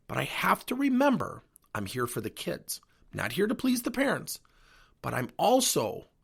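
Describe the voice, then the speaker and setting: Man, podcast host, husky voice, very animated pitch, coaching monologue. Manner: animated storytelling with acted-out dialogue.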